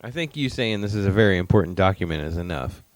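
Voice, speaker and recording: A man's voice: low voice, lively intonation, quick pace, no room sound. A man co-hosting a casual podcast, tossing in dry, sardonic remarks. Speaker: podcast co-host.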